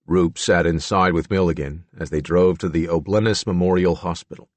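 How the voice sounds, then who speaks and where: A man narrating a true-crime audiobook in a measured storytelling manner. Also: low voice, steady tone, no room sound. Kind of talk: scripted narration.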